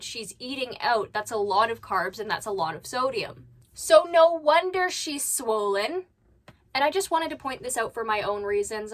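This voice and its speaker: Bright, blunt woman reaction host. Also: fairly high pitch. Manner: blunt, critical, sarcastic asides. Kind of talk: casual reaction commentary. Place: at home.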